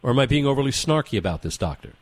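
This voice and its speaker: A man's voice: medium pitch, sing-song, racing, no room sound. A man hosting a talk radio show, delivering opinionated commentary with emphatic, rhetorical repetition.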